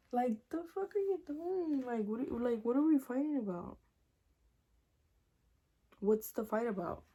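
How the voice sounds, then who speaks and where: Young woman, casual storytime vlog, mellow warm tone, cussing, acting out dialogue. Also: mid-range voice. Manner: animated, profane, acts out dialogue.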